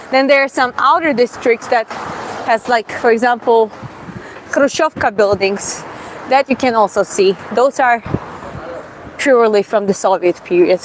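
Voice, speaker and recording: A young woman from Georgia with a Georgian accent gives a casual live-streamed walking tour, talking haltingly with many fillers and restarts. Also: on the high side. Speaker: vlogger giving a city walking tour. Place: outdoors on a city street. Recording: faint street traffic behind.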